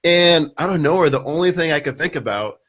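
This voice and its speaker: A man telling a story as a podcast guest, casual and animated, with lots of fillers. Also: fairly high pitch, brisk.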